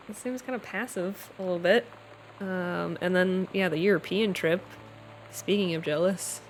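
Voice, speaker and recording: A woman's voice: mid-range voice, steady tone, a little slow, low-quality recording. Chatty, cursing woman streamer. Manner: chatty, swears, reads notes aloud stumbling. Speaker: streamer playing a game. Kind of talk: casual gameplay commentary. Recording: live stream with faint room noise.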